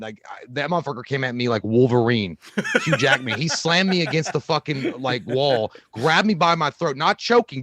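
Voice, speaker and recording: A man co-hosting a podcast, telling animated, profanity-laced stories in casual chat. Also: medium pitch, no room sound. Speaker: podcast co-host.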